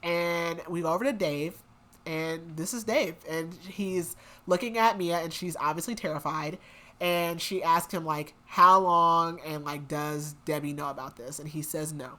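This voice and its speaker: A young woman with a somewhat low voice talks through a story recap for a book podcast. She is casual and rambling, with lots of "like" and "um", and slips into the characters' lines as she goes. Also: measured pace, pushed and bright. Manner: chatty, lots of "like" and "um", acts out quotes.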